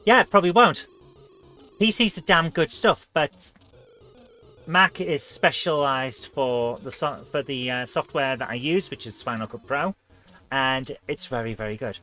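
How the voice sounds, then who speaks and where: A man's voice: medium pitch, lively intonation, unhurried, pushed and bright, soft background music. A man hosting a live retro gaming stream, chatting in a rambling, self-mocking way as he plays.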